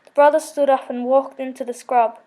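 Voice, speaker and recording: A woman's voice: high-pitched, fairly even intonation, a little fast, warm tone. A woman reading a children's story aloud, with small slips and self-corrections.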